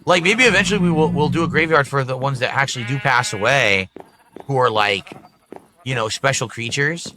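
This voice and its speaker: Bright-voiced man in his forties. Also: mid-range voice, brisk, a little hiss or hum. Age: 40s. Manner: soft, emotional, musing. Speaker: streamer. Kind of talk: livestream gaming chatter.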